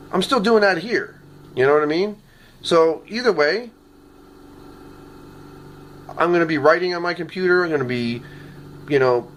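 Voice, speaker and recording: A man's voice: on the high side, a bit bright, a little hiss or hum. Earnest man rambling into his phone. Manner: earnest, repeats "okay?" often. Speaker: vlogger recording a message. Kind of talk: rambling personal video message. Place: his apartment. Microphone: phone camera.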